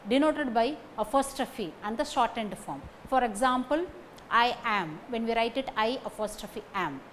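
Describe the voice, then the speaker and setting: A woman giving a recorded lecture on phonetics, speaking deliberately, repeating example sentences and checking in with "okay" between points. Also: fairly high pitch, a little hiss or hum, low-quality recording.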